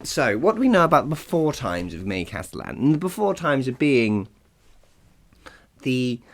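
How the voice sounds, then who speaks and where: A man's voice: mid-range voice, big pitch swings, normal speed. A man hosting a casual solo podcast, chatty and rambling, laughing often and poking fun at himself. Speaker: podcast host.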